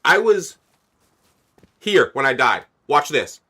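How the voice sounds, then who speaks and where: A man's voice: fairly high pitch, big pitch swings, takes it slowly, bright, forceful tone, husky. A man streaming a video game, chatting casually with viewers and thanking them as he plays. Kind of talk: casual livestream chat.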